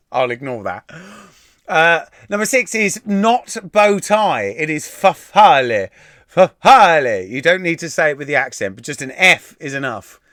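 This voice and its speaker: A man's voice: a little high, expressive, takes it slowly, long pauses, pushed and bright, no room sound, clean studio sound. A young man hosting a quiz live stream from home into a desk microphone, reading out the answers in a chatty, irreverent way with casual swearing, many fillers and restarts. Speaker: quiz host. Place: at home, room near a kitchen.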